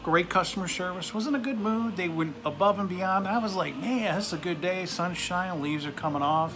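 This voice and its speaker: A man's voice: high-pitched, brisk, music in the background. A man from the United States venting in an angry, profane, sarcastic rant to camera. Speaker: vlogger. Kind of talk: angry ranting monologue.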